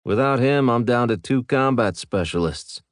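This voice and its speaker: A man voicing a dry, deadpan weapons specialist soldier in an audiobook. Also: mid-range voice, moderate pace, dry recording, pitched above the performer's own voice, lightly acted.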